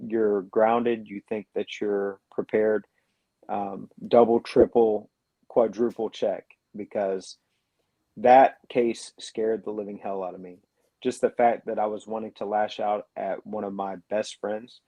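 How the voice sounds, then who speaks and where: A man, a paranormal investigator on a radio show, telling his experiences in an earnest, reflective way with many pauses and fillers. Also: on the low side, warm tone, dry recording, muffled recording. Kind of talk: telling a story in a radio interview.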